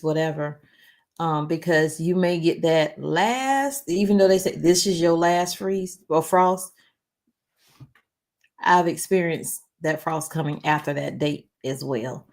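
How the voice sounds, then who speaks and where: A woman chatting casually on a livestream, rambling and reading viewer comments aloud. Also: on the low side. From North Carolina. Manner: rambling, chatty, many "um"s and restarts. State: struggles to read, reads slowly. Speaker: livestream host.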